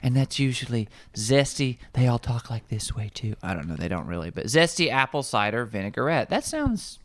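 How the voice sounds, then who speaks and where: A young man, a nutrition coach, chatting casually in an office kitchen, reading out ingredient lists in a wry, animated way. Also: medium pitch, moderate pace, dry recording.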